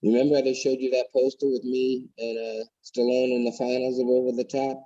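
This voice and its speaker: Husky middle-aged man boasting profanely. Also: medium pitch, flat delivery, fairly quick, dark tone. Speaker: livestream host, former fighter. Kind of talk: heated livestream banter. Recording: dull lo-fi stream audio.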